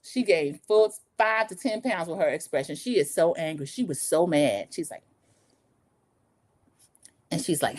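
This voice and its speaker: A woman hosting a casual reality show recap, chatty and lively, acting out the quotes she retells. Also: sits low, measured pace, pauses often. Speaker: recap podcast host.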